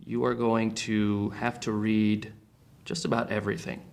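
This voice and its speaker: Crude deadpan male interviewer. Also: lowish voice, measured pace, creaky. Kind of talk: comedy interview.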